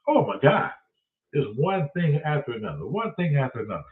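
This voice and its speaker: A man, hosting and telling a profane, animated story, acting out both sides of the conversation. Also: fairly high pitch, brisk. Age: 60s. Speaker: host. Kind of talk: casual storytelling. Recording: tinny phone-like sound.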